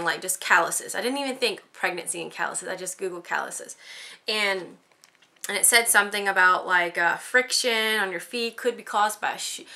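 A chatty American woman talking to her camera with a bright, forceful voice. She rambles casually, leans on fillers and acts out her own reactions. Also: mid-range voice. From United States. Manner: chatty and expressive, many fillers, quoting herself. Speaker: vlogger.

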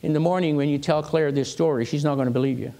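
Older pastor with a gravelly voice. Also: male voice, a little high, fairly even intonation, fast, mellow. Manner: conversational storytelling, acts out quoted voices. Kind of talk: sermon with personal stories. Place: church.

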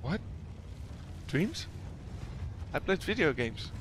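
Slow-talking young Dutch man. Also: fairly high pitch, big pitch swings, a bit bright, a little hiss or hum. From Netherlands. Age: young adult. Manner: giggly, reads questions aloud then answers with halting fillers. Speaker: YouTuber answering viewer questions. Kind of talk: casual Q&A chat.

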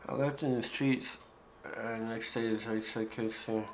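A man's voice: on the low side, steady tone, measured pace, a little hiss or hum, low-quality recording. A man giving casual let's-play commentary, joking and talking back to the characters in the game. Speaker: gaming YouTuber.

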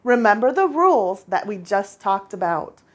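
A woman teaching first graders a spelling lesson, patient and clear, repeating each word for the children. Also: mid-range voice, big pitch swings, normal speed. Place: international school.

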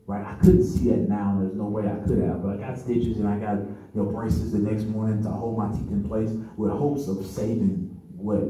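A man's voice: on the low side, warm tone. Man, thirties, conference testimony, chatty storytelling, roomy echo, distant mic. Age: 30s. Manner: conversational storytelling, often checks in with "right?". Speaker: conference speaker. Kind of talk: personal testimony speech. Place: meeting room at a men's conference. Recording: echoey room, mic far off.

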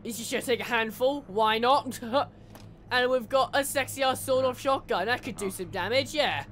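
A gamer chatting through a horror game in casual let's-play commentary, joking, swearing and laughing as they go. The voice sits at a middling pitch, with faint game noise underneath. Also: moderate pace, a bit bright. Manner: jokey, swearing, laughs often.

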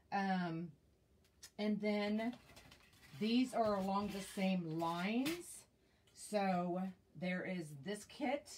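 A woman's voice: medium pitch, darkish tone. A woman hosting a live wreath-making demonstration, chatting with viewers and thinking aloud with fillers, recorded on a tablet. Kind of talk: casual live craft demonstration. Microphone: tablet mic.

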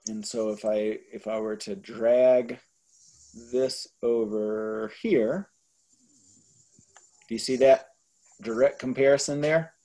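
A man's voice: medium pitch, fairly even intonation, slow, pauses often, warm tone. A man tutoring a Spanish class, explaining grammar patiently in a casual way. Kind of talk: online tutoring session.

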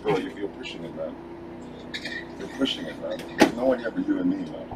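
A man's voice: sits low, expressive, a little fast. Menacing guy saying the same thing over and over, voice swinging up and down, noisy rv. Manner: threatening, repeats short lines. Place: inside an RV. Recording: noisy vehicle interior.

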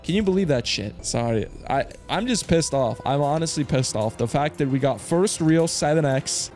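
Excitable slangy male streamer. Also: fairly high pitch. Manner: loud outbursts, swearing, slangy banter addressing viewers. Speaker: slots streamer host. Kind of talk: excitable live commentary to viewers.

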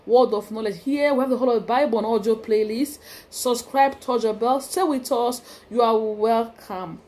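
A woman with a Nigerian accent delivers a devotional sermon to her channel's viewers. She preaches emphatically, repeating phrases to urge her listeners on. Her voice sits fairly high. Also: darkish tone.

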